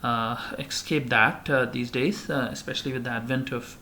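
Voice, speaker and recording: A man's voice: mid-range voice, steady tone, normal speed, sharp tone, slight background noise. A man giving a recorded slide lecture, rambling with many fillers and restarts.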